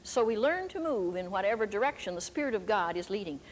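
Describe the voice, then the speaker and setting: Her voice is mid-range, very animated and quick as this older woman, a preacher and teacher, preaches a sermon. She recounts stories emphatically in an echoey hall where faint background noise can be heard.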